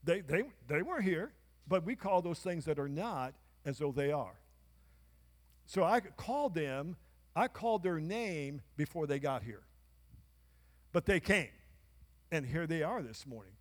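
A man pastor preaching a sermon in a church, his voice pitched high. He speaks emphatically and calls out to the congregation for answers. Long reverb fills the large sanctuary. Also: animated, unhurried, pauses often. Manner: emphatic preaching with call-and-response.

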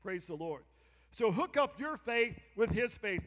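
A pastor with a strikingly high, fairly bright voice preaches to his congregation at a measured, expressive pace, repeating key lines for emphasis and repeatedly urging listeners to turn and respond. A long hall reverb from the church sanctuary surrounds the sound.

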